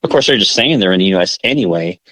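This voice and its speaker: A man's voice: low voice, lively intonation, fast, a bit bright, dry recording, rough recording. An American man co-hosting a podcast in casual chat, rambling and correcting himself with lots of filler. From United States. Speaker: podcast co-host.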